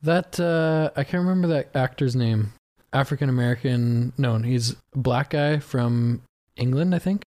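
A man's voice: mid-range voice, moderate pace, hardly any pauses, warm tone, no echo, studio quality. A man hosting a podcast, bluntly joking as he interviews his guest in casual chat. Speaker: podcast host.

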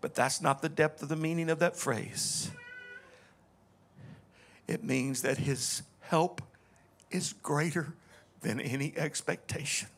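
Pastor, man, high bright voice, preaching with shouted peaks and hushed stretches. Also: takes it slowly, creaky, long pauses. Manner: preaching, swings from loud shouting to quiet reflective talk. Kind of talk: sermon.

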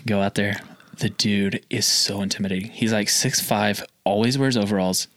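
A man telling a story in casual chat, acting out the calls with sudden jumps in pitch. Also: steady tone, moderate pace, fairly bright tone, no room sound. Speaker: guest telling a sales story.

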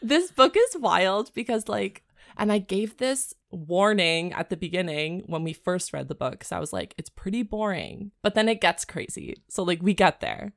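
A woman's voice: medium pitch, expressive, normal speed, no echo, clean studio sound. A woman co-hosting a casual podcast who recaps and reads a novel aloud, filling her talk with "like" and laughing often. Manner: laughs often, says "like" a lot. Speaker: podcast co-host.

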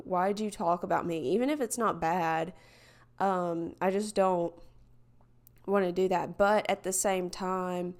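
A woman hosting a casual solo podcast, talking in a hesitant, rambling way full of fillers, candid and reflective. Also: lowish voice. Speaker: podcast host.

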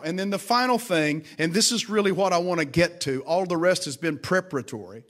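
A high-voiced man preaches to a congregation with emphasis and drive. He repeats key lines and urges the listeners to call back and turn to each other. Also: expressive, a little fast, hardly any pauses, fairly bright tone. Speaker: pastor. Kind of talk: sermon. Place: church service with congregation.

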